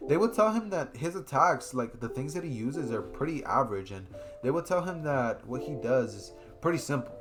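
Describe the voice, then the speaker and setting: A man's voice: medium pitch, lively intonation, normal speed. A man casually narrating an improvised fan story, rambling and correcting himself as he goes. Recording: guitar music playing behind.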